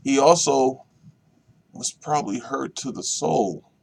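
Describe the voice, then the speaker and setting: Man slowly teaching scripture. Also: medium pitch, gravelly, a little mellow, breathy edge. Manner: slow, deliberate, repeats key phrases. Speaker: minister leading Bible study. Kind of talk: reading and explaining scripture.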